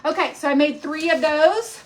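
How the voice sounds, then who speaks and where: Chatty woman cooking live in her kitchen at night, high voice, lots of ums and rambling. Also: moderate pace, a little hiss or hum. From Texas. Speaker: cooking show host. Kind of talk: casual live-stream cooking chat.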